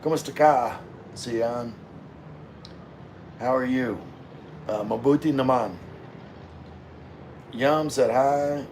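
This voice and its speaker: A man reading viewer comments on a casual live stream, rambling and relaxed while drinking with his chat. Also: mid-range voice, slow, pauses often, a little hiss or hum. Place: room with floor-to-ceiling window.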